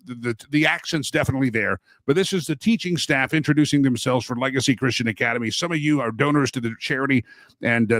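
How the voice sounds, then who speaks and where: A man's voice: mid-range voice, fairly bright tone, no room sound. A man hosting a daily talk show, rambling and opinionated, with many restarts.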